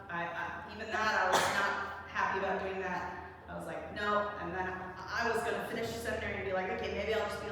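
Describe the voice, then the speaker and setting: A young woman preaching, telling a personal story in a casual, animated way with quoted dialogue. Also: mid-range voice, slight background noise. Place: large church sanctuary. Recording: echoey church hall from a distance.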